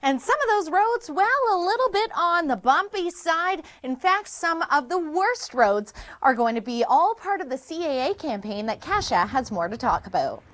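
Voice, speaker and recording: A woman's voice: sits high, sing-song, moderate pace, few pauses, a bit bright, soft background music. A woman news anchor handing over to a field reporter in a conversational way. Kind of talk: scripted studio news links.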